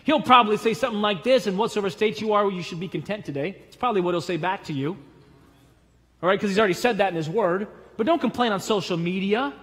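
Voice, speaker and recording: A male pastor preaching a sermon, rising to loud emphatic calls and dropping low, and acting out the voices of people in his stories. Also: fast talker, long reverb tail. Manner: acts out voices in stories with a laugh. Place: church sanctuary.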